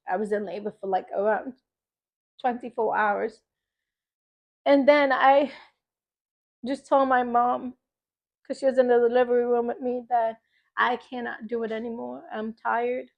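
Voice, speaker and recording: A young woman with a Philadelphia accent tells her birth story as a faith testimony. She talks casually and emotionally, with fillers, and slips into her own pleading voice from that day. Her voice sits a little high. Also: steady tone, unhurried, vocal fry, long pauses, a little mellow. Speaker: faith vlogger sharing a testimony.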